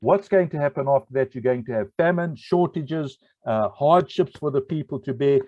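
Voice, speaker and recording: Brief: male Bible teacher, mid pitch, unhurried, asks questions then answers them, thin dry phone-quality sound. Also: expressive, no echo. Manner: unhurried, with many fillers and rhetorical questions.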